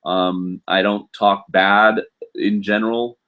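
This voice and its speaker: A man with a slightly low voice hosts a live stream from his computer and chats through viewer questions. He rambles loosely and fills every pause with ums and you-knows. It sounds relaxed and off the cuff. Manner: rambling, filler-heavy, chatty. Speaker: host.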